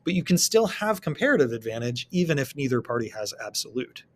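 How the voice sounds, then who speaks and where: A man's voice: mid-range voice, sing-song, fast talker. A man teaching a recorded lesson, walking students through worked problems and answering his own rhetorical questions.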